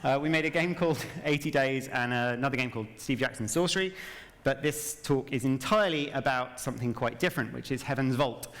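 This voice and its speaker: A man's voice: mid-range voice, a little fast, a bit bright. Chatty self-mocking man speaking in a hall. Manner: chatty, self-deprecating, wry asides. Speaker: game narrative director giving a talk. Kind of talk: conference talk without notes. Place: large event hall. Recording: long hall reverb.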